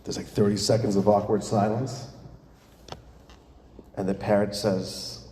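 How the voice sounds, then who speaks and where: A man, a rabbi, giving an animated sermon with a joke, calling his audience dear friends. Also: fairly low pitch, unhurried, a little hiss or hum. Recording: echoey hall reverb.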